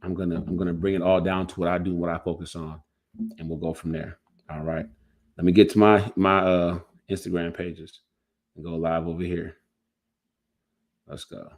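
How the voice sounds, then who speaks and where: A man with a fairly low voice talks loosely through a livestream, his thoughts trailing off and restarting mid-sentence. He sounds like a coach chatting casually to his viewers over a computer mic. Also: level tone, moderate pace, pauses often, a little mellow.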